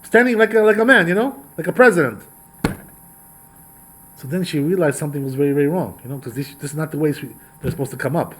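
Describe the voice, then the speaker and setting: Rabbi retelling stories, chatty. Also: male voice, fairly high pitch, fast talker, a little hiss or hum, low-quality recording. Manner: conversational, repetitive asides, animated retelling. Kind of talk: Torah class storytelling.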